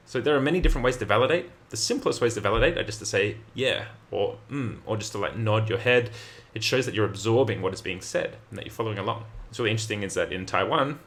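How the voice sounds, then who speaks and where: A young adult man, giving energetic, emphatic communication advice straight to camera. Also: fairly low pitch. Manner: energetic, emphatic, plays out example phrases. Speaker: communication coach. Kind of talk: direct-to-camera advice talk.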